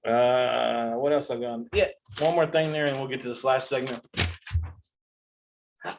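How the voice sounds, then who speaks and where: Forties male comedy host, mid-pitched, animated exasperated rant full of restarts. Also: measured pace, slight background noise. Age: 40s.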